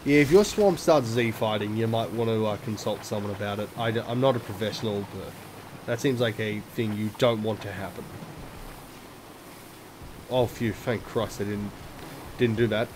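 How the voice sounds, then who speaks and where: A man's voice: on the low side, moderate pace, noisy background. A man hosting a let's play, giving casual gameplay commentary, swearing often and making self-mocking, chatty asides. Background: game music.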